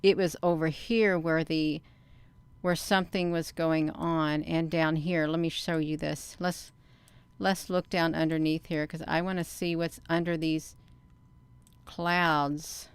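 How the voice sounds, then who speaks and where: A woman vlogger giving casual commentary on her own video, rambling and halting with many fillers and restarts, and talking straight to her viewers. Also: sits low, level tone, smooth. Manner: talks straight to viewers as "you all". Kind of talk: casual commentary while showing her own sky footage.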